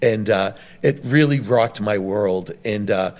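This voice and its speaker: A middle-aged man, a restaurant owner, telling long stories on a podcast in a rambling, animated way with many restarts. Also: fairly low pitch, slow. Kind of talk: conversational podcast storytelling.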